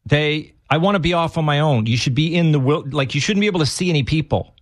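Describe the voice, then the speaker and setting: A man's voice: a little high, fast, no echo. Man, massachusetts accent, rambling storyteller, casual chat, dry close sound. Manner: rambling storyteller, many restarts.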